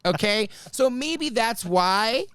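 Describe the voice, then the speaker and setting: A man hosting a casual podcast, spinning a story with plenty of swearing and acted-out quotes. His pitch swings widely, and the sound is dry and close to the mic. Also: slow, clean tone, dry recording. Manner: animated, swears often, acts out quotes. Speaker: podcast host.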